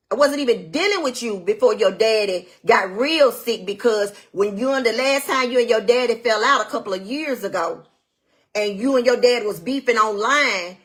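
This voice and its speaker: A woman's voice: fairly high pitch, fairly bright tone. A woman giving a blunt, indignant account of a family dispute, retelling it emphatically and repeating what she said. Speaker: widow telling her side of a family dispute. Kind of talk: direct-to-camera talk.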